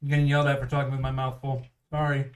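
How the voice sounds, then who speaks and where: A man's voice: medium pitch, monotone, racing, far from the mic. A man casually chatting on a live stream at home while practicing craps, calling out rolls and bets.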